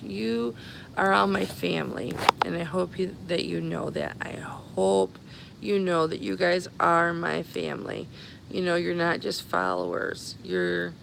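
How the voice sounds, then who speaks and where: This woman's voice sits on the low side: gravelly, expressive, fairly bright, and a bit slow. She's on a casual phone live stream at the airport after a cancelled flight, affectionately calling her viewers honey and babies. There's slight background noise, and the recording is rough.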